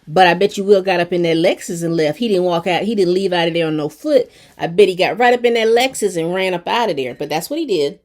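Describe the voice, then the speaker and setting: A woman recapping a TV episode for her viewers in casual chat, expressive and talkative, with terms of endearment and fillers. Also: on the low side. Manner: rapid talk.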